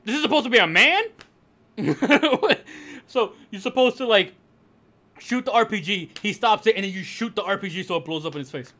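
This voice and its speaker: A man's voice: high-pitched, lively intonation, moderate pace, pushed and bright. A young man streaming a racing game, ranting in casual chat with lots of laughter and swearing.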